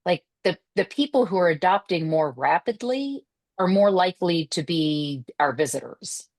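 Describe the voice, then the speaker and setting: A woman talking as a podcast guest, quick and casual, often laughing and saying "like". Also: fairly low pitch, expressive. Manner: quick, laughing, uses filler "like".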